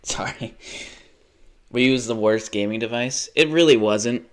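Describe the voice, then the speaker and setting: A man's voice: medium pitch, a little slow. A young American man streaming live, rambling and joking, laughing often and slipping into silly voices. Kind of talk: casual live-stream chat.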